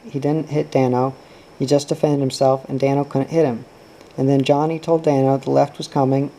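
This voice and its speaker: A man reads a novel aloud in a steady, unhurried manner. His voice is dark and mellow, at a middling pitch. He keeps his intonation flat and even. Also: a little hiss or hum, rough recording. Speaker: narrator. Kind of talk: audiobook reading.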